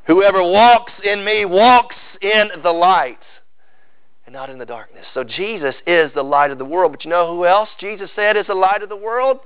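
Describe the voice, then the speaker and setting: A pastor delivers an emphatic sermon, driving points home by repeating his phrases. His voice sits high for a man. The sound is dry and close, a little dull and muffled. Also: moderate pace, smooth, dry recording.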